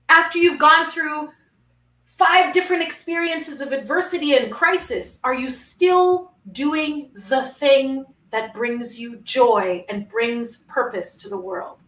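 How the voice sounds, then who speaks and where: Bright, emphatic woman guest, roomy distant sound. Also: high-pitched. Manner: emphatic, rhythmic repetition, motivational. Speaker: guest, founder of a women's network. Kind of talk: inspirational conversation.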